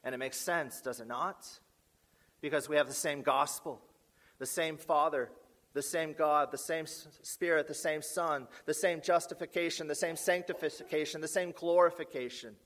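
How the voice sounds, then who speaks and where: A man preaching a sermon as pastor, measured and emphatic, building lists of repeated phrases and asking the congregation rhetorical questions. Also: fairly high pitch, fairly even intonation, a bit bright.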